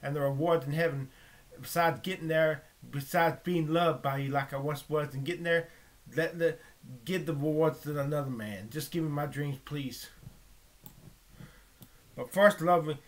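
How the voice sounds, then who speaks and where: A man praying aloud in a halting, pleading monologue, often breaking off and restarting, dropping to a hush at times. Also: fairly high pitch, steady tone. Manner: drops to a hushed whisper at times. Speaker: vlogger. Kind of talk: spoken prayer monologue.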